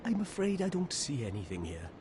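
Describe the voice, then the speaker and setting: A man's voice: on the high side, wildly swooping pitch, brisk, a crowd in the background. An actor playing a genial, sly male traveling merchant in a game, speaking with a Welsh accent and a wry, chuckling manner. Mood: wry, friendly. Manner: cheerfully wry, chuckles after remarks.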